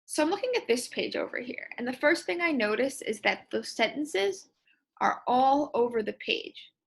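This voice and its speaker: A woman teacher explaining and demonstrating expressive reading aloud in a reading lesson. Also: high voice, normal speed, vocal fry, slightly rough.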